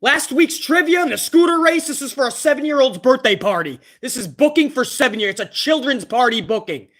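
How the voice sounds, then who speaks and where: A man's voice: extremely high pitch, animated, a little fast, a bit bright. A man hosting a live reaction stream, commenting on wrestling with exasperated, profane rants.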